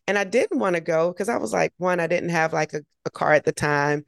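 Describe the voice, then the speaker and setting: Woman, low raspy-edged voice, bubbly storyteller, dry close sound. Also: a little fast, hardly any pauses, no echo. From United States. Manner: energetic, animated storytelling. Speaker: triathlete and race announcer. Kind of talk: interview guest telling a story.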